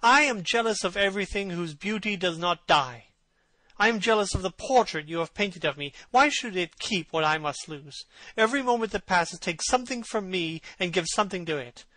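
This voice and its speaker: A man's voice: high voice, expressive, normal speed, sharp tone, no echo, voice pushed up, heavily acted. A man reading aloud, voicing a vain, beautiful young man in a passionate, pleading way. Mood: anguished. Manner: impassioned, pleading.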